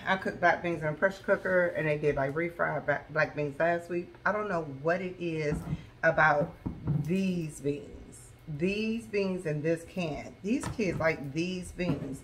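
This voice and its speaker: A woman vlogger, chatting excitedly to her viewers from her home kitchen. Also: low-pitched, unhurried, a little hiss or hum. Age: adult with school-age children. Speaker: vlogger sharing a grocery haul. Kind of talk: casual chat to camera.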